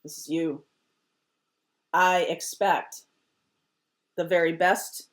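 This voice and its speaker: In a slow, lowish voice with little pitch movement, a woman gives a casual tarot reading to camera. She's emphatic, repeating short, firm phrases, and sometimes falls nearly to a whisper.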